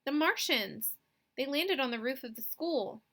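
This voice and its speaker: A woman's voice: sits high, moderate pace, a bit bright, pitched above the performer's own voice. A woman voicing a teenage girl who shrieks in mock panic during a class skit, read from a storybook. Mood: panicked.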